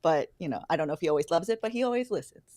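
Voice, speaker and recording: A woman co-hosting a casual livestream, bubbly and excited as she chats. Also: fairly low pitch, rapid-fire, no room sound. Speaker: co-host.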